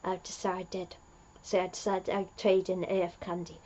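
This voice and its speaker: A woman's voice: lowish voice, level tone, measured pace, a little mellow, dull audio. A woman talking as a fan reviewer, recapping an episode in a chatty, meandering way with lots of fillers and restarts. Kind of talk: rambling plot recap.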